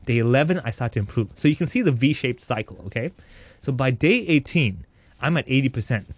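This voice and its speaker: A man in his thirties, an interviewee, telling his own life story in a candid, animated way with a joking streak. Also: medium pitch, brisk, no room sound. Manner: animated, joking, acts out voices in quotes.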